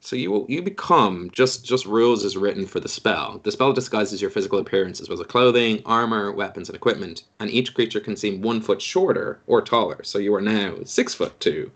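Low-voiced man running a tabletop game. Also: brisk, hardly any pauses. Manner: relaxed, wry, rambling with restarts. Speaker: game master.

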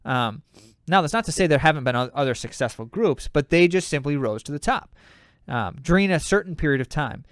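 A man's voice: a little high, expressive, brisk, dry recording, clean studio sound. Emphatic man hosting a running podcast. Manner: emphatic, opinionated, many fillers. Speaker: podcast host. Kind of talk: casual news commentary.

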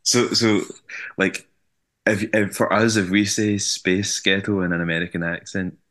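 A man's voice: sits low, fairly even intonation, normal speed, fairly bright tone. A man with an Ayrshire Scottish accent, a musician guest chatting casually on a podcast and coaching pronunciation. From Scotland.

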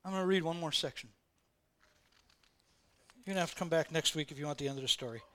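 A man's voice: on the high side, fast, bright, forceful tone. A man preaching a sermon in a conversational way, repeating phrases for emphasis and acting out quoted voices. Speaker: pastor.

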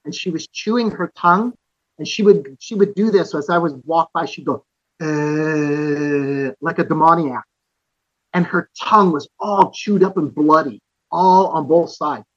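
Earnest storytelling man, slightly high voice. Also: moderate pace, a bit bright, slightly rough, no room sound, muffled recording. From Canada. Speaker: podcast guest, author and musician. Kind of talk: personal storytelling in conversation.

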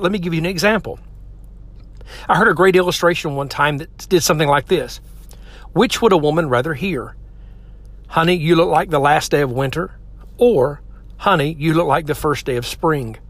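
A man's voice: high voice, dry recording. Earnest man giving relationship advice. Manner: earnest, direct, addresses listeners as men and ladies. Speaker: relationship speaker. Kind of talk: motivational advice talk.

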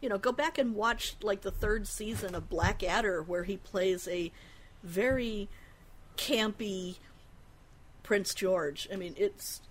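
A woman from Denver chats casually as a podcast co-host, giggly and full of small hesitations. Her voice sits at an ordinary middle pitch. A faint hiss runs under the recording. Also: slow pace. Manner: chatty, giggly, with filler hesitations. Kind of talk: casual chat.

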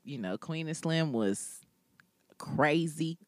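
Expressive woman in playful gossip. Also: deep voice, slow pace, no room sound. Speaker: podcast co-host. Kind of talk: casual gossip chat.

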